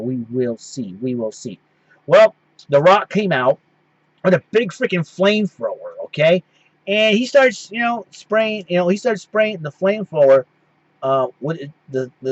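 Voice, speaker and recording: A man's voice: mid-range voice, dry recording, lo-fi sound. A man hosting his own show, giving a casual recap that rambles and keeps restarting its sentences. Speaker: host.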